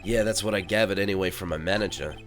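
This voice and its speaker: A man's voice: low voice, fast, fairly bright tone, faint music behind. Man doing a lazy surfer-dude TV star. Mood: dismissive. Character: laid-back vain male TV star, surfer dude.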